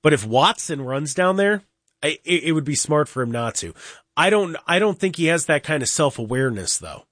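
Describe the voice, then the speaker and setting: A man hosting a sports radio show, talking in an animated, opinionated way, with mocking impressions and frequent restarts. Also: a little high, a little fast, dry recording, clean studio sound.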